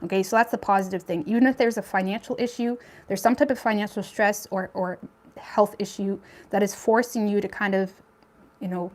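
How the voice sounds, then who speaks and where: A young woman with a mid-range, slightly mellow voice gives a casual tarot reading. She talks in a chatty, blunt way, full of fillers with some swearing.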